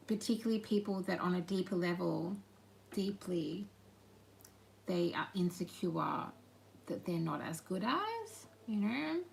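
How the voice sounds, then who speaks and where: Soft-spoken woman with a creaky voice. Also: medium pitch, low-quality recording. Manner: halting and meandering, with murmured asides. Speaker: channeler. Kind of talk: spoken channeled messages.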